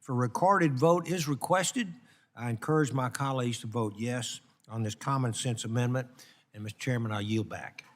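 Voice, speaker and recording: A man from Texas speaking at a committee markup, halting with many fillers. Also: mid-range voice. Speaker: committee member. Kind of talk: committee floor remarks. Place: large hearing room. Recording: long reverb of a hearing room.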